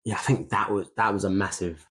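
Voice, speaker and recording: Here a young podcast co-host talks openly about being a dad, cussing without restraint and loudly replaying moments. His voice sits on the low side, slightly rough, fairly quick, with fairly even intonation.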